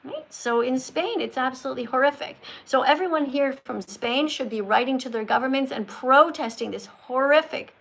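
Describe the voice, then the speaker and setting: A woman's voice: high-pitched, moderate pace, creaky, few pauses, a bit bright. A woman hosting a live-stream call-in, talking emphatically and lecturing her callers, correcting how they pronounce words. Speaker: livestream host talking with callers.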